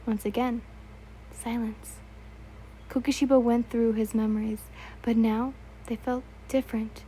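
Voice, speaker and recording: A woman's voice: a little high, level tone, unhurried, warm tone, a little hiss or hum, rough recording. A young woman reading fan fiction aloud in a casual, stumbling way, correcting herself and adding asides.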